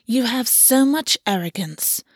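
A woman's voice: on the high side, moderate pace, a little mellow, no room sound, studio quality, natural voice. A woman putting on a silky, cruel fae queen. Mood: sweetly menacing. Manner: silky, sweetly menacing.

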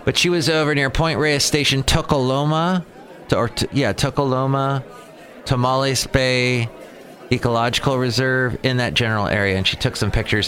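A man's voice: medium pitch, a bit bright. A man hosting his own daily podcast alone, playful and digressive, joking at his own expense. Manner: playful, digressive, self-mocking. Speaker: podcast host. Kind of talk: rambling solo podcast.

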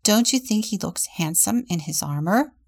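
A woman voicing a bossy, imaginative little girl from a storybook, lively and commanding. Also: mid-range voice, normal speed, dry recording, studio quality.

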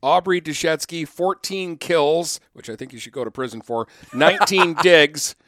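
A man co-hosting a casual sports podcast, relaxed as he reads off game stats. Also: fairly high pitch, normal speed. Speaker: podcast co-host.

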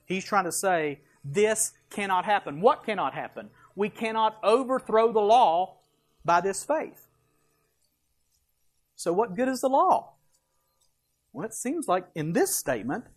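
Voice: mid-range voice, very animated, moderate pace. A preacher giving a verse-by-verse sermon with slides, emphatic, asking rhetorical questions and answering them, with folksy asides.

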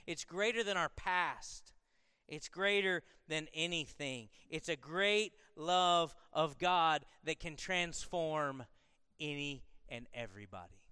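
A man with a high, bright voice preaches a sermon, talking with the congregation in a casual way before building into strong, repeated phrases. His voice comes through clean and close, with a long reverb from the hall trailing behind it. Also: smooth. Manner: conversational, building to emphatic repetition. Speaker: pastor.

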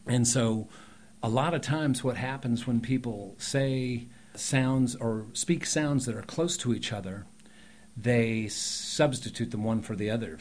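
A man talks through work in a loose, easygoing interview. His voice sits at an ordinary middle pitch. He explains patiently and drops in joking asides. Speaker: dialect and accent coach. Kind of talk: casual interview talk.

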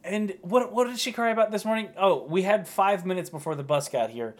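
A man co-hosting a podcast in casual chat, talking in halting bursts with frequent restarts. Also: sits high. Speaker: podcast co-host.

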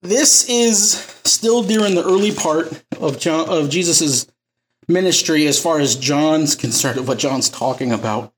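Man, pastor, informal sermon, chatty joke-telling delivery, slightly high voice. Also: unhurried, slight background noise. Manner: conversational, loose storytelling with jokes.

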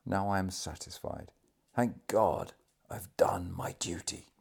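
Dying naval commander as a man reads him, stoic, weak and faltering, low voice, sudden commanding urgency. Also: animated, normal speed. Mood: faint. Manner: weak, low, fading delivery with sudden forceful outbursts.

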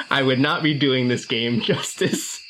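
A man's voice: medium pitch, fairly even intonation, unhurried, a bit bright, a little hiss or hum, low-quality recording. A man playing a tabletop game, reading rules and chuckling sheepishly. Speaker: player. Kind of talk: casual play at a tabletop game.

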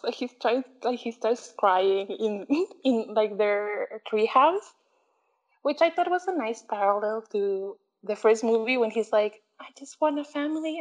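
A young woman with a fairly high voice chats her way through a movie recap. She acts out each line of dialogue and laughs often, in a loose and lively way. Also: slow, rough recording. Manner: animated storyteller who acts out quotes, laughs often. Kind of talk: casual chat recapping a movie.

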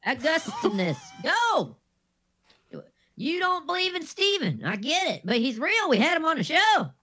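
A man's voice: very high-pitched, huge pitch swings, normal speed, pushed and bright. A man co-hosting a comedy podcast, swearing and teasing a caller in exasperated banter. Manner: crude, exasperated, mocking. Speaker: co-host. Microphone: video call.

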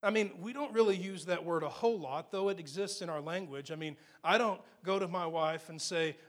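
A high-pitched man delivering a sermon to his congregation. He speaks earnestly, dropping soft and then rising to strong emphasis on key points, and slows down when reading scripture aloud. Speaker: pastor.

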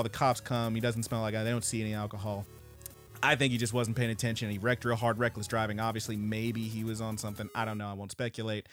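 A man's voice: medium pitch, a bit bright. A man co-hosting a podcast, telling a long story in a casual, profane way and acting out other people's lines. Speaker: podcast co-host.

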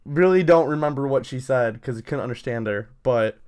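A man's voice: mid-range voice, fairly quick, clear, resonant tone. A young man in his twenties, a podcast co-host, telling loose stories about his classes with lots of swearing and laughter. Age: 20s. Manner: swears freely, laughs often, animated when retelling stories. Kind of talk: casual chat.

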